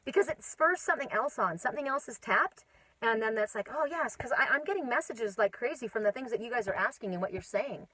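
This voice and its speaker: A woman's voice: fairly high pitch, slightly rough, rough recording. Chatty spiritual reader woman outdoors. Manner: chatty, rambling, animated. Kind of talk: casual live-stream chat. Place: outdoors in the mountains. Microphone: phone.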